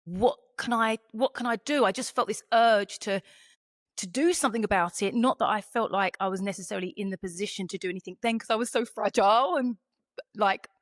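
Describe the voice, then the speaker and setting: A woman from Europe chats as a podcast host in a mid-pitched voice, wandering through her thoughts with plenty of ums and false starts. Her voice is recorded close and dry, with no room sound around it. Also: brisk, no room sound. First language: not English. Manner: rambling, with frequent ums and restarts. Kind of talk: casual podcast chat.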